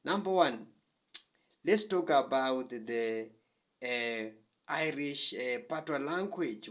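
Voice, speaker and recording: A man hosting a reaction channel, giving earnest commentary from Africa with frequent hesitations and fillers. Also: on the high side.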